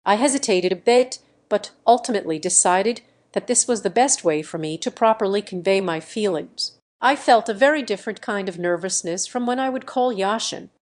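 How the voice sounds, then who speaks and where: A woman narrating a first-person romance audiobook in a gentle, earnest storytelling manner. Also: mid-range voice, normal speed, hardly any pauses.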